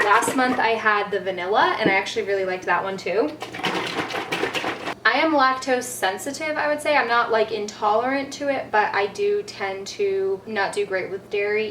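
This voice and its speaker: A woman chatting casually to her vlog camera in her home kitchen, rambling and often trailing off soft and quiet. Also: mid-range voice, background noise. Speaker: cleaning vlogger. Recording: echoey kitchen, mic at a distance.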